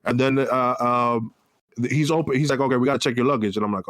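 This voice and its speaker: A Dominican man in his thirties, a podcast co-host telling animated stories and swearing freely, slipping into Spanish. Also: mid-range voice, quick pace, no echo. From Dominican Republic. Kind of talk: casual chat.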